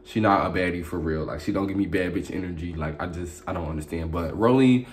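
Fast-talking, sassy, profane young man. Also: sits low, slight background noise. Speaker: reality show reviewer. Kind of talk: casual commentary vlog.

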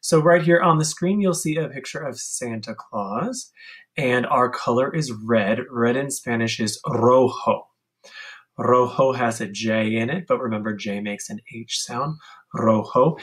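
A man teaching Spanish vocabulary in a slow, deliberate, classroom-style lesson, with playful sound effects and chanting. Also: medium pitch, expressive, a bit bright.

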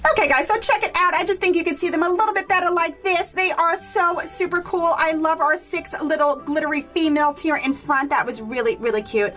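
A woman's voice: very high-pitched, fairly quick, few pauses, a bit bright. A woman hosting a toy unboxing vlog, gushing with enthusiasm and talking to her viewers as guys. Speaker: toy unboxing channel host.

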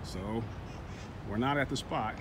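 A man's voice: mid-range voice, a little slow, noisy background. A man talking to his camera on a city street, out of breath and chatty, poking fun at himself. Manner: chatty, self-mocking. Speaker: vlogger. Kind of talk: on-location vlog talk. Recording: loud music over street sound.

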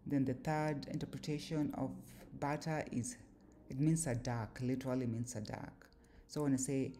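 A woman giving a slow, deliberate explanatory lecture on word meanings, pausing often with fillers. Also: very deep voice, warm tone, slight background noise. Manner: measured, deliberate, with pauses and fillers. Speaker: language teacher.

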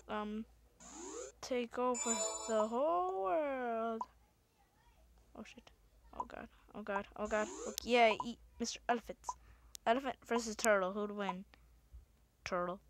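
Girl narrating her game, keeps yelping and cursing, kinda high pitched, drawn out slow words. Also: noisy background. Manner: excitable, exclaims and swears at the game. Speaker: gamer. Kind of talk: let's-play commentary.

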